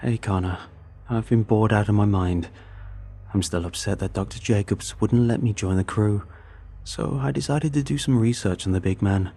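Restless young crewmate, voiced by a man, chatty and urgent, warm tone. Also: on the low side, moderate pace, slightly rough.

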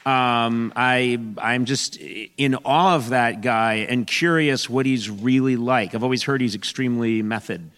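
A man's voice: medium pitch, unhurried, hardly any pauses, fairly bright tone, clear, resonant tone, long reverb tail. A man hosting a talk show interview, jokey and self-deprecating, laughing often. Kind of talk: casual interview chat.

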